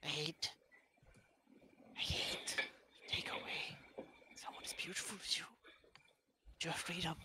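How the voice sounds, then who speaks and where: A man voicing a gentle, sorrowful fey woman who speaks softly and tenderly, at times in a whisper. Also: mid-range voice, slow, pauses often, noisy background, close to an everyday voice. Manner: soft, tender, sometimes whispered.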